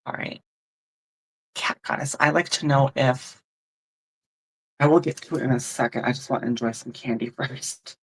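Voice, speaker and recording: A woman's voice: a bass voice, moderate pace, gravelly, breathy edge. A woman hosting a tarot livestream, chatting casually, musing aloud and thanking viewers by name. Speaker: tarot reader and livestream host.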